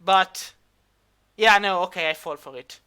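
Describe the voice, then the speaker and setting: A man's voice: high-pitched, a little slow, sharp tone, clear, resonant tone, soft background music. A man running a tabletop game as game master, rambling with lots of fillers. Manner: rambling, many fillers, laughs easily.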